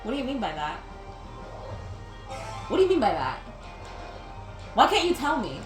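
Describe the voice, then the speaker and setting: A woman's voice: fairly high pitch, huge pitch swings, normal speed. A young woman chatting while she plays a video game, rambling and laughing, with a lot of "like". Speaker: gaming video host. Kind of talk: casual chat while playing a game. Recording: roomy sound with game music behind.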